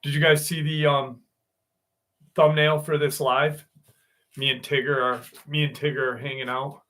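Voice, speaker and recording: A man's voice: a little high, little pitch movement, moderate pace, sharp tone. A man in his sixties hosting a casual livestream from home, chatting loosely with viewers, greeting them by name and swearing freely. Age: 60s. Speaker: livestream host.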